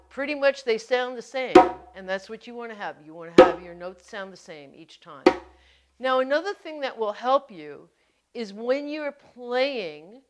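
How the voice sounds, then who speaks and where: Female hand drum instructor: unhurried, gentle, patient explainer, medium pitch, step-by-step teaching. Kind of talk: instructional video demonstration.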